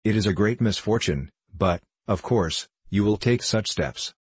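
A man's voice: on the low side, measured pace, slightly rough, dry recording. A male narrator voicing a pompous, formal ship's captain in an audiobook. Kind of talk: audiobook character voice.

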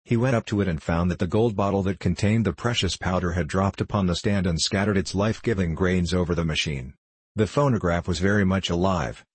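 A man narrates a storybook in a measured, expressive way. His voice is low and husky, and the recording is close and dry. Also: dry recording. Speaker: audiobook narrator.

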